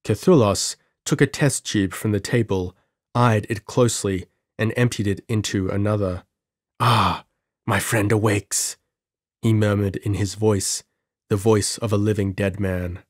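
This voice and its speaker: A man narrating an audiobook in a measured, dramatic storytelling manner. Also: on the low side, fairly even intonation, a little mellow, no echo, studio quality.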